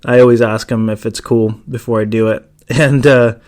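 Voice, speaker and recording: A man's voice: mid-range voice, fairly even intonation, normal speed, darkish tone. A man hosting a casual solo podcast, rambling with lots of ums and restarts. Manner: rambling, many fillers and restarts. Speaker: podcast host.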